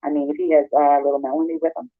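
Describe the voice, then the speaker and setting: Male caller, halting and filler-heavy, dry phone-line sound. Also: on the high side, flat delivery, dry recording. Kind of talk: casual chat.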